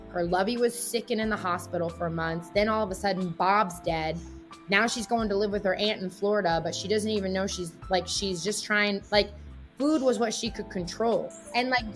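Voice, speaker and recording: Woman guest, casual interview chat, rambling and heartfelt, faint music underneath. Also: medium pitch. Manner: emotional, rambling, heavy use of "like" and "you know". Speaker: guest, athlete and mother. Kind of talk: candid conversational interview.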